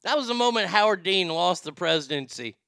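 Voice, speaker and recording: Bright, crisp-voiced man riffing casually. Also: high voice, animated, fairly quick, dry recording, clean studio sound. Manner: rambling, sighing, swearing. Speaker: streamer reacting to clips. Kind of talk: casual commentary.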